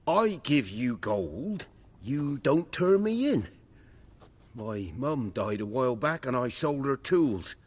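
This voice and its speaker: An actor playing a crude young village drunk and arsonist in a video game, talking in hostile, coarse bluster. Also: male voice, medium pitch, big pitch swings, takes it slowly. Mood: surly.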